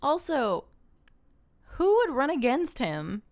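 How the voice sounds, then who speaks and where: A woman co-hosting a podcast, reacting emotionally with quick interjections in casual chat. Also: high-pitched, big pitch swings, a little mellow. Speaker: podcast co-host.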